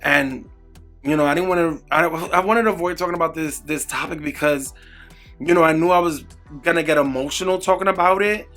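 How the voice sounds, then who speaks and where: In a candid vlog at home, a male beauty vlogger urges viewers on emphatically, swearing a lot and repeating words for emphasis. His voice is a little high, a little fast and a bit bright, with faint music behind him.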